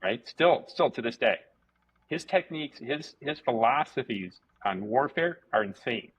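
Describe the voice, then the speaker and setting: A man, a martial arts instructor, telling stories casually as a guest, animated, repeating words and swearing freely. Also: medium pitch, a little slow, husky. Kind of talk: casual storytelling interview. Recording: dull lo-fi podcast audio.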